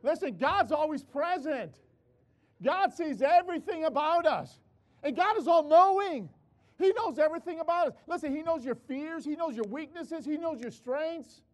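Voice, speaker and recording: Older man, preacher, very high voice, lively swooping pitch, animated storytelling sermon. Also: moderate pace. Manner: animated storytelling, repeats words, calls to the audience.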